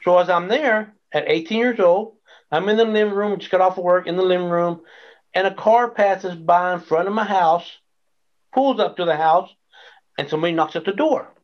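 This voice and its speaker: A man's voice: sits high, moderate pace. Man telling his testimony, dull lo-fi sound. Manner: animated storyteller acting out quoted dialogue. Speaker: interview guest sharing his testimony. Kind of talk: personal testimony storytelling.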